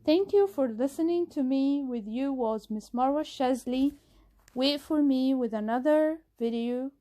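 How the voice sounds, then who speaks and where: A woman with an Egyptian accent, teaching an English lesson on video and slowly reading out the exercise answers. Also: high voice, dark tone.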